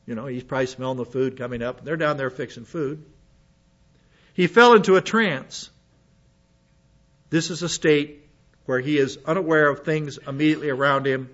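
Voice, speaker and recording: A high-voiced man teaches a congregation from scripture. He reads a passage, then slips into chatty asides and questions to the room. The recording sounds dull and muffled. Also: fairly bright tone. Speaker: preacher. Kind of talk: Bible teaching sermon.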